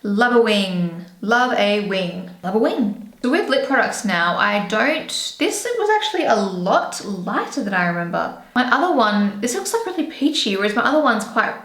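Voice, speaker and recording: A woman's voice: mid-range voice, sing-song, normal speed, hardly any pauses, fairly bright tone. A young woman chatting casually while doing her makeup, rambling and correcting herself as she goes. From Australia. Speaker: beauty vlogger. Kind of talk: casual get-ready-with-me chat. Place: home room indoors. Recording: roomy echo.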